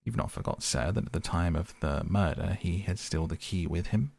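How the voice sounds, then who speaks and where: A man's voice: deep voice, normal speed, gravelly, a little mellow, no room sound. A man voicing a loyal, frightened old male butler who speaks in plain, earnest servant's talk.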